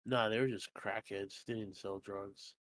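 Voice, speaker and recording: A man's voice: on the low side, level tone, measured pace, fairly bright tone, no echo, clean studio sound. A man co-hosting a podcast in casual, rambling chat, swearing freely. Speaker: podcast co-host. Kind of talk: casual chat among friends.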